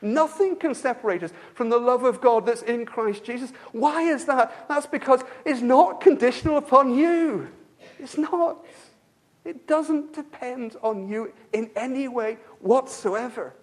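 High-voiced man preaching a sermon. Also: a little slow. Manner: emphatic, repeats himself, asks the congregation rhetorical questions; swings between loud emphasis and quiet, soft-spoken stretches.

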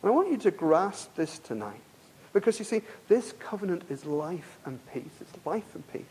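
A man with a notably high-pitched voice delivers a sermon. He is emphatic and repeats key phrases, often turning to the congregation with rhetorical questions. His volume rises for stresses and drops to near-quiet for tender points. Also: big pitch swings, normal speed, a little hiss or hum. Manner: swings between loud emphasis and quiet, soft-spoken stretches. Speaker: preacher.

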